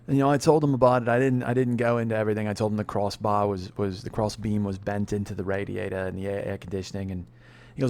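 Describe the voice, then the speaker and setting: A man's voice: on the low side, level tone, fast, few pauses, darkish tone. A man from Chicago hosting a podcast, telling a rambling, profane, self-deprecating story in a casual way. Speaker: podcast host.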